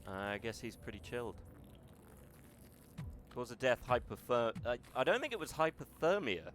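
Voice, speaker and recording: A man's voice: medium pitch, very animated, normal speed, a bit bright, a little hiss or hum. A man streaming a video game with casual, wry, self-deprecating commentary and the odd swear word. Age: older.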